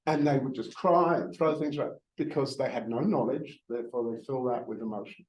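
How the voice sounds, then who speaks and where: A man's voice: mid-range voice, fairly quick, a little hiss or hum, rough recording. A man in his fifties, a real estate broker giving a jokey, self-mocking training talk to a live audience, often restarting his words.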